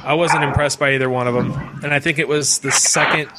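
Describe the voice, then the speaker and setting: A man's voice: mid-range voice, fairly even intonation, quick pace. A man hosting a casual podcast chat, rambling and swearing casually. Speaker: podcast host. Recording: noisy podcast recording.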